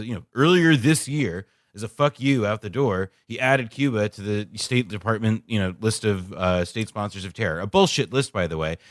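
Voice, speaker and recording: Man, podcast guest, low voice, matter-of-fact explainer, dry close sound. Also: no echo. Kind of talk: casual podcast chat.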